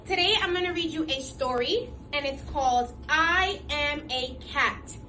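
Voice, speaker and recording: A woman teacher doing an interactive read-aloud with children, speaking in an animated, encouraging way. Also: sits high, measured pace, recorded from a distance, slight background noise.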